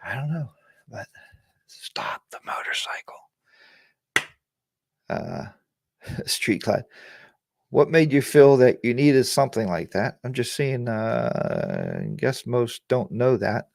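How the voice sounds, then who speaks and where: A man's voice: medium pitch, gravelly, darkish tone, no echo, clean studio sound. Fired-up male biker host ranting. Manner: fired-up, ranting, talks to chat viewers by name. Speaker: live chat show host. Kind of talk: casual live-stream chat.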